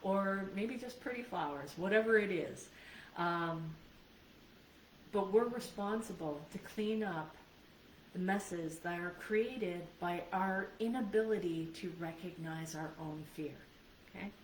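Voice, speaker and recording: A woman's voice: lowish voice, measured pace. A woman coach giving a live video training in an earnest, conversational manner, often checking in with her listeners. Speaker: life and business coach. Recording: roomy sound from a distant mic, faint background noise.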